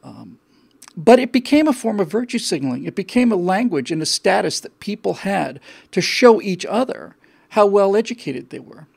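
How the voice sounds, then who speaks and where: Gravelly man, rambling monologue. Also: high-pitched, lively intonation, normal speed. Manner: rambling, with frequent restarts and repeated words. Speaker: show host. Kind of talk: casual monologue.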